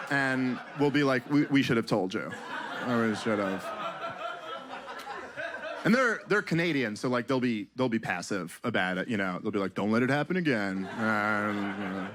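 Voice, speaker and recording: Sarcastic male stand-up comic, live club. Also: background noise. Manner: deadpan sarcastic delivery, pitch jumping high for emphasis. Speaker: stand-up comedian. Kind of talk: stand-up comedy set.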